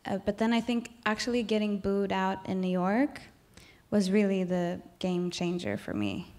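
A woman from Sweden in her thirties speaks at an everyday pitch, talking loosely and candidly as an interview guest on stage. Her sentences ramble and restart, filled with "like", and she laughs often. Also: lively intonation, moderate pace, darkish tone. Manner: candid, rambling, heavy use of "like", frequent laughs. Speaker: guest singer. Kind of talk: onstage interview, candid casual talk. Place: stage in front of a live audience.

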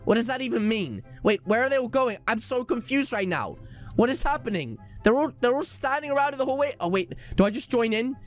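A young man, his voice pitched unusually high, chatters excitedly through his gameplay. He addresses his viewers directly in a playful, teasing way, with light background music underneath. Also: fairly quick. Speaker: gaming YouTuber. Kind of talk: game commentary.

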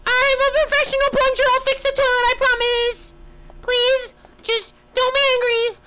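A man voicing a whiny little boy who begs in a high, squeaky voice over game music. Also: completely flat delivery, normal speed. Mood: pleading.

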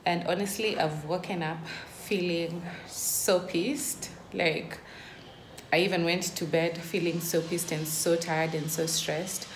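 A woman's voice: on the low side, fairly even intonation, takes it slowly. Exasperated young woman ranting in an echoey room. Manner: exasperated ranting, emphatic "literally". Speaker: vlogger. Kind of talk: casual vlog monologue. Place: indoors at home. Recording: echoey room, faint ambient noise.

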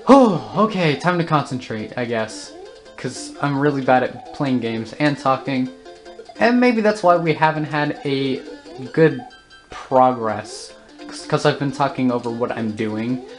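A woman with a very deep voice talks casually over her gameplay, flustered and exclaiming whenever things go wrong. Soft music plays faintly behind her. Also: animated, unhurried. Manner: flustered, exclaims and groans at the game. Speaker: let's play host.

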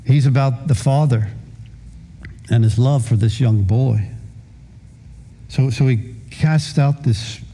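Slow, mellow-voiced older male pastor. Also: medium pitch. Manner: halting, repeats words when starting phrases. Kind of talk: sermon.

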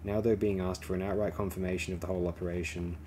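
A man reading a novel aloud as an audiobook narrator, in a steady, even way. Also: low-pitched, rapid-fire, a little hiss or hum. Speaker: audiobook reader.

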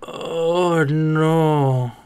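A YouTuber reacting to an anime, with casual joking commentary and sudden excited outbursts. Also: medium pitch, very slow, clean tone.

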